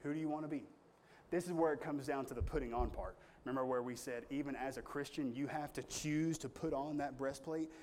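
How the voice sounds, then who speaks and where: A man's voice: medium pitch, fairly even intonation, a little fast, darkish tone, slight background noise. A man pastor preaching a sermon in an earnest, conversational storytelling way with strong emphasis.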